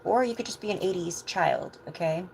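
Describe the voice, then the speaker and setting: A woman chatting casually on a livestream as a tarot reader, meandering with soft asides. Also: on the low side, moderate pace, gravelly, slight background noise, low-quality recording.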